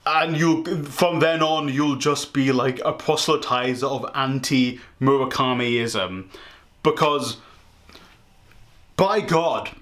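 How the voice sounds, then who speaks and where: A young man ranting in a book review vlog, animated, profane and exasperated. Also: medium pitch, slow. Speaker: book vlogger.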